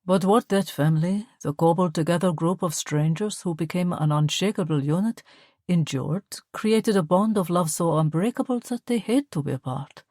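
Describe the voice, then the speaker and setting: A woman with a lowish, slightly mellow voice speaks at a moderate pace in clean studio sound with no room echo, sounding close to an everyday voice. She voices a grateful woman talking earnestly and tenderly about her family.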